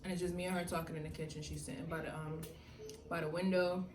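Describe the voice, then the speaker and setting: A woman's voice: sits low, little pitch movement, fast talker. A young adult woman, animatedly telling a personal story in casual slangy talk, quoting people as she goes. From New York. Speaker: vlogger. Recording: echoey room from far off, faint noise.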